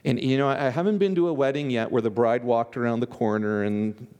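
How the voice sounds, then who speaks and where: A man's voice: mid-range voice, brisk, a little mellow, clear, resonant tone. A man preaching a conversational sermon as a pastor, often repeating words and restarting his sentences.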